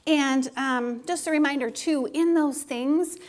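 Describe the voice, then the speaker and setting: A woman giving a personal testimony at a church service, speaking in an earnest, intimate, encouraging way and sometimes softening to a hush. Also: high-pitched, measured pace. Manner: earnest, intimate, encouraging, drops to a hushed whisper when quoting God.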